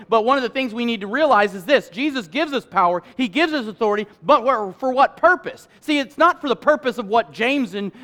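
A pastor preaches a sermon in a very high-pitched voice, joking with the congregation and swinging between loud emphasis and quiet asides.

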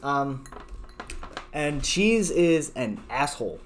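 A man's voice: mid-range voice, big pitch swings, slow pace, a little hiss or hum. A young man on a podcast grumbling wryly and swearing. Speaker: podcast co-host. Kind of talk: casual chat.

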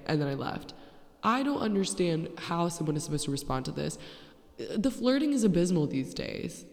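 A woman's voice: lowish voice, sing-song, moderate pace, darkish tone. Blunt, sarcastic young woman podcaster, echoey. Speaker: podcast host. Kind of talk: casual storytelling monologue. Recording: echoey, poorly placed handheld mic.

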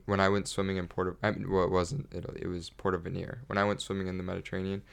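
A man's voice: deep voice, completely flat delivery, very fast, vocal fry, clear, resonant tone. An American man co-hosting a podcast, chatting casually in a rambling way with restarts and laughs. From United States. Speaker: podcast co-host. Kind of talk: casual chat.

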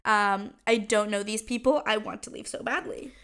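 A woman's voice: medium pitch, moderate pace, a bit bright. A young woman, co-hosting a podcast and telling a story in casual chat, candid and laughing as she acts out what people said. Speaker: podcast co-host.

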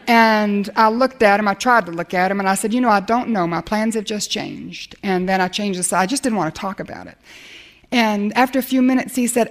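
A woman's voice: medium pitch, brisk. An older woman preaching and telling a personal story, acting out the dialogue and laughing often. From America. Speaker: speaker telling a personal testimony. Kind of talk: sermon storytelling.

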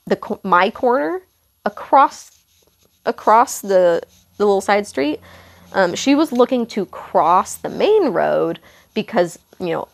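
Rambling woman with a lively, gravelly voice. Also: fairly low pitch. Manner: rambling, self-correcting, lots of fillers and asides. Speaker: podcast host. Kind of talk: casual storytelling monologue.

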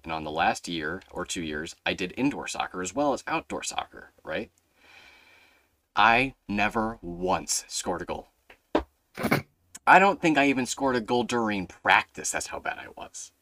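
Low-voiced young man telling a rambling story. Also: fairly bright tone, no echo. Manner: rambling storyteller, swears freely, acts out his younger self in a higher voice. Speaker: podcast host. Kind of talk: casual chat.

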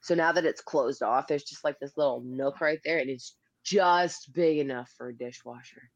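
A woman chatting casually on a podcast who talks quickly and laughs easily. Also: low voice, no room sound, highs cut off. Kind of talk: casual chat.

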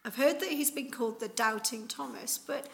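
Woman preaching with lively storytelling. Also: on the high side, normal speed, creaky, low-quality recording. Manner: casual, chatty with fillers like "like" and "you know". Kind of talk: conversational Easter sermon.

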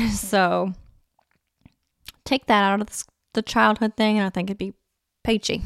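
A woman's voice: mid-range voice, gravelly, no room sound, studio quality. A woman in her thirties hosting a casual solo podcast, chatty and nostalgic, with lots of "like" fillers. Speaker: podcast host.

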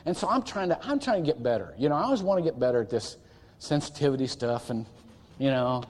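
A man's voice: mid-range voice, lively intonation, quick pace, a little mellow. Man, pastor delivering a sermon; earnest, emphatic, repeats himself, set in a reverberant church hall. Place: church sanctuary.

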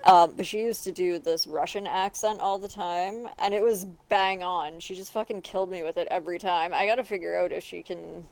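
Low gravelly woman podcaster, chatty, cusses a lot. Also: steady tone, fairly quick, few pauses, darkish tone, no echo. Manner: swears freely, laughs often. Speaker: podcast co-host. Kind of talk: casual chat.

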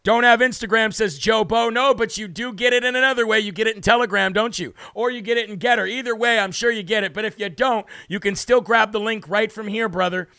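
Man, American, livestream host, casual rambling talk, high voice, smooth clean tone, dry close mic. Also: fairly even intonation, a little fast, hardly any pauses, pushed and bright, no echo. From United States. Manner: rambling, chatty, laughs easily, greets viewers by name. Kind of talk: casual live-stream talk.

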